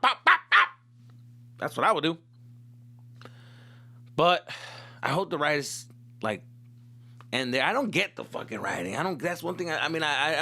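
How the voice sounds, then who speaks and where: A man's voice: mid-range voice, pushed and bright. A young male comedian hosting his own podcast, rambling profanely through a casual monologue and switching into Spanish slang.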